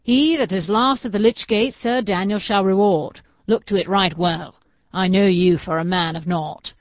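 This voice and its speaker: A woman's voice: medium pitch, normal speed, no echo, close to an everyday voice. A woman voicing a grizzled male bailiff who barks orders, in an audiobook. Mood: commanding. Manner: barking orders. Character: gruff grizzled bailiff, man, commanding. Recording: dull, dry audiobook recording.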